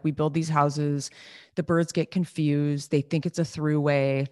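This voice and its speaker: A talkative woman chats casually, sympathetic and full of filler words. Her voice sits very low for a woman. The recording is dry and close. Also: level tone, measured pace, a little mellow, no echo. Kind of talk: casual chat.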